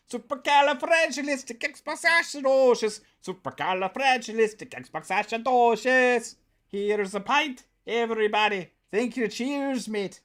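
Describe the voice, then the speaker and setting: A man's voice: extremely high pitch, a bit bright, voice pushed up. A man doing a jolly Irish pub man with a put-on Irish accent, hearty and sing-song.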